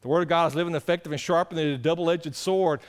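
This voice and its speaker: A middle-aged man, preaching a sermon in a folksy, conversational way that swings between loud bursts and quiet asides. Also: a little high, steady tone, quick pace. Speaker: pastor.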